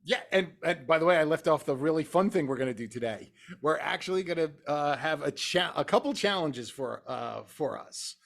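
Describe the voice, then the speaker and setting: Middle-aged man, podcast co-host with a slightly high voice, rambling and self-mocking, casual chat. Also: lively intonation, moderate pace, gravelly, few pauses, a bit bright. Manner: rambling storyteller, laughs at himself.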